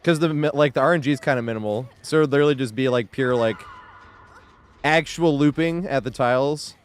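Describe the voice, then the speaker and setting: Faint music sits behind this young streamer's brisk, clean, mid-range voice as he plays a game and chats loosely with viewers, cursing frequently, wandering off topic, and laughing a lot.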